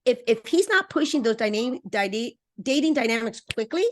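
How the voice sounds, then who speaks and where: A woman dating coach talking as a podcast interview guest, energetic and emphatic, speaking straight to her listeners and acting out little voices. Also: fairly quick. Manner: acts out voices with expressive pitch swings.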